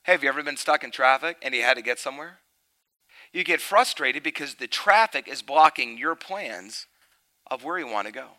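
Bright-voiced man preaching a lively sermon. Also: mid-range voice, fairly quick, poor audio. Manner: animated storytelling, rising to loud emphatic preaching.

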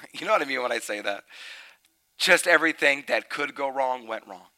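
A middle-aged man preaching a sermon. He tells a family story, then turns loud and emphatic. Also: mid-range voice, expressive, moderate pace, rough recording.

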